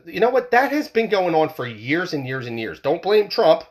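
A man's voice: on the high side, very animated, a little fast, hardly any pauses. A man ranting heatedly, swearing often and repeating himself as he works up his argument. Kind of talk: political rant monologue.

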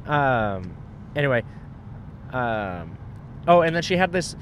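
A comedian on a road-trip podcast, animated and profane, acting out other people's lines in a high voice. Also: male voice, takes it slowly, noisy background. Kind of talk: casual road-trip storytelling.

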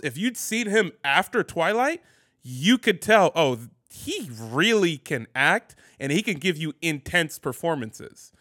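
A man's voice: fairly high pitch, sharp tone, no echo, studio quality. A man co-hosting a podcast, talking casually and laughing between phrases. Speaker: podcast co-host.

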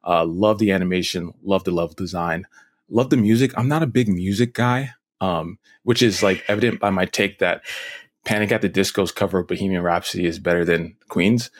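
Relaxed low-voiced young man co-hosting. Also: fairly quick, no echo, studio quality. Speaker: podcast co-host. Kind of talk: casual podcast chat.

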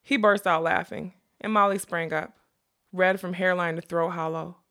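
A woman narrating a fantasy novel as an audiobook, in a measured, expressive storytelling manner. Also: fairly low pitch.

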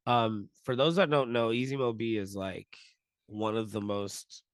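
A man hosting a podcast, telling stories in an animated, self-deprecating way. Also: lowish voice, unhurried, no room sound. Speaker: podcast co-host. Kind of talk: casual storytelling chat.

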